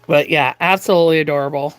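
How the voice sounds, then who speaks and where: A woman's voice: deep voice, fairly even intonation, fast, smooth, no room sound. A woman chatting through a live doll-painting tutorial from her craft room at home, rambling with lots of fillers and restarts. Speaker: reborn doll artist streaming live.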